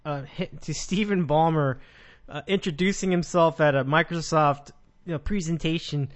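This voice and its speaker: Male podcast host, casual sports chat, rambling delivery, fairly high voice. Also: steady tone, moderate pace. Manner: rambling, frequent restarts and laughs.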